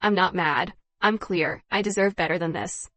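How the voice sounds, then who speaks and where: A woman voicing a calm, firm fed-up husband. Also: fairly low pitch, moderate pace, natural voice. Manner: quiet, steady and firm.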